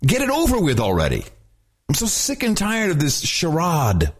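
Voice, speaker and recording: Fired up ranting guy on a podcast, kinda high voice, swings up and down a lot. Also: huge pitch swings, normal speed, husky. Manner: exasperated, ranting. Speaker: podcast co-host. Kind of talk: casual podcast chat.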